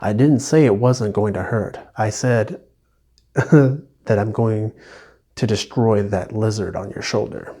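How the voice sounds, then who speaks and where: A patient, insistent male angel who asks the same question again and again in a calm, mellow, unhurried voice, as a man telling the story puts him on. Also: on the low side, slightly rough, heavily acted. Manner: gently persistent.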